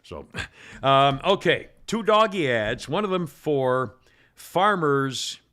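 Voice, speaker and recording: A man co-hosting a radio talk show, chatting casually about TV ads in a rambling way with many halting restarts. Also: fairly high pitch, lively intonation, sharp tone. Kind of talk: casual chat.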